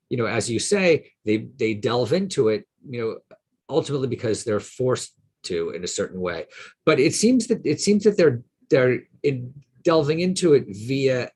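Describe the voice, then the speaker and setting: Man, interviewer, lowish pitch, rambling question, lots of fillers. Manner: rambling question with many "you know"s. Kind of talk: academic interview.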